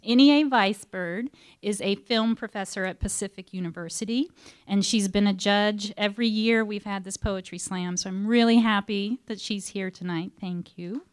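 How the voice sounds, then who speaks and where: A woman's voice: mid-range voice, moderate pace, smooth. A woman emceeing a school poetry slam, teary and emotional, making rambling announcements with restarts. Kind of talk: emceeing a live event. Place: school library event.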